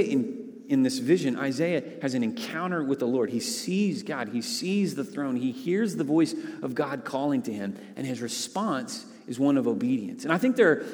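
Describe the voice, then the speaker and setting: A man's voice: mid-range voice, darkish tone, big-room sound. A man preaching a sermon as a pastor, earnest, often repeating words and restarting phrases.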